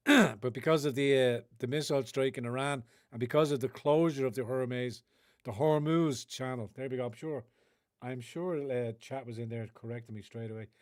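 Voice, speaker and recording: A man's voice: mid-range voice, fairly quick, no room sound, clean studio sound. Sarcastic, profane Irish man ranting. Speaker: livestream host. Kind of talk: ranting livestream commentary.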